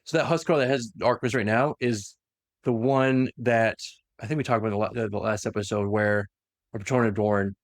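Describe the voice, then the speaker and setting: A man's voice: lowish voice, fairly even intonation, fairly quick, dry recording, clean studio sound. A man hosting a podcast, casually retelling a story with lots of fillers and self-corrections. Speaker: podcast host.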